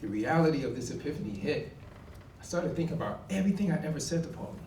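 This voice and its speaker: Brief: male storyteller, forties, lively and mellow, slightly higher voice, recorded from a distance in an echoey hall. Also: quick pace, slight background noise. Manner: animated, acts out quoted dialogue with emphatic outbursts. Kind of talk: live personal storytelling. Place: college event hall.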